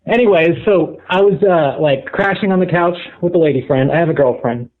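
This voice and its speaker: Soft-spoken man on a tinny phone line. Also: a little high, brisk. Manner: mild, soft-spoken, a bit formal. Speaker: caller. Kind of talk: casual phone call storytelling.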